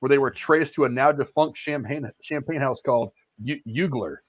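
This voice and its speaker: A man's voice: mid-range voice, moderate pace, no echo, low-quality recording. A man hosting a casual movie review podcast, swearing freely as he reads out film trivia.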